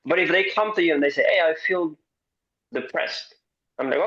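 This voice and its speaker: A man coach in casual roundtable chat, animated and joking, with hesitant restarts and the odd swear. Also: fairly high pitch, moderate pace, highs cut off.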